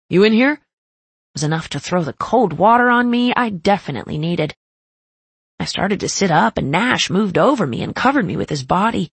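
A woman narrating a first-person romance story in a soft, intimate reading voice. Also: lowish voice, creaky, husky, no echo. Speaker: audiobook narrator.

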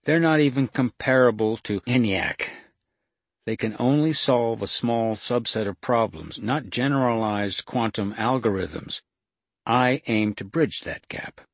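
A man's voice: mid-range voice, unhurried, no echo. A man reading the part of a pedantic male scientist who corrects others emphatically, in a story reading. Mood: emphatic lecturing.

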